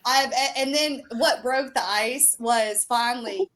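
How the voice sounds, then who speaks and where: A woman with a high voice tells a story in casual chat. She talks at an unhurried pace. She is animated and leans on plenty of fillers. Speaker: show regular and storyteller.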